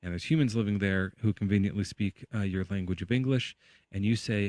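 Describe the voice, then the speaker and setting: A man's voice: lowish voice, fairly even intonation, fairly quick, a little mellow, no echo. A man hosting a livestream, telling a rambling, playful hypothetical full of fillers. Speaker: livestream host. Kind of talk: casual debate chat.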